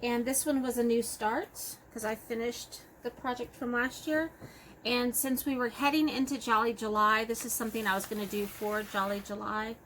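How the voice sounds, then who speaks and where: A woman's voice: a little high, fairly even intonation, moderate pace, fairly bright tone, a little hiss or hum, poor audio. A woman with a Texas accent chatting casually about her cross-stitch projects, rambling and correcting herself as she goes. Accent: Texan. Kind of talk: casual show-and-tell chat.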